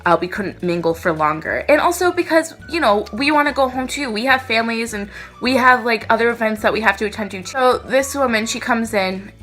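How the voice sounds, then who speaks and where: A young woman in her twenties telling a dramatic storytime vlog in an animated way. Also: on the high side, fairly quick, soft background music. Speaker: vlogger.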